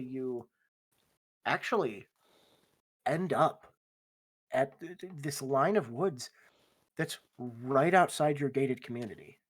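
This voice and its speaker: Low-voiced woman game master. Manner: casual, laughs often, hesitant fillers. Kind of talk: narrating a tabletop game.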